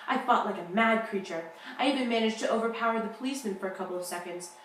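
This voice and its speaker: A young woman playing a grieving mother who survived a wartime roundup, telling it in a solemn, measured way. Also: mid-range voice, fairly bright tone, a little hiss or hum, natural voice. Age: young adult. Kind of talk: school-project talk-show role-play. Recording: echoey room, distant mic.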